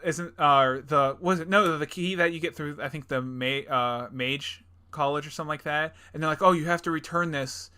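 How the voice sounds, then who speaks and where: A young man co-hosting a casual gaming podcast, rambling with lots of fillers, laughing often and acting out game characters in quick bursts. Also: on the high side, steady tone, pushed and bright, clear, resonant tone. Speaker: podcast co-host. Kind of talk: casual chat.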